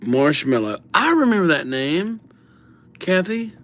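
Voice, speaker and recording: A man with a fairly high, very animated and fairly bright voice hosts a calligraphy livestream. He chats in an easygoing, jokey way and reads viewers' names aloud, speaking slowly and mumbling as his voice drifts in and out of the mic while he writes.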